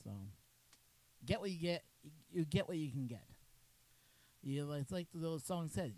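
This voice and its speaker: A middle-aged man from Canada chats loosely while trying out a cheap wireless microphone. His voice sits a touch higher than most men's. He rambles and jokes as he fiddles with his gear. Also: normal speed, long pauses, a little mellow, rough recording. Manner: rambling, chatty, jokey. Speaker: maker channel host. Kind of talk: casual mic test livestream.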